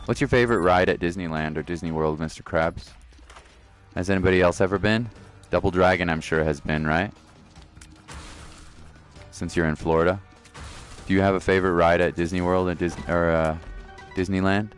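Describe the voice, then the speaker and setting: Deep-voiced laid-back male game streamer. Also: fairly even intonation, moderate pace, pauses often, faint music behind. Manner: laid-back, chatty, talks to chat. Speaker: gaming streamer. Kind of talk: casual live-stream chat.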